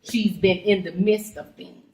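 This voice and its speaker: Woman, earnest introducer, measured churchy delivery, distant and echoey. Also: medium pitch, steady tone, noisy background. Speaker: speaker introducing a candidate. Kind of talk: formal introduction speech. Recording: echoey room from far off.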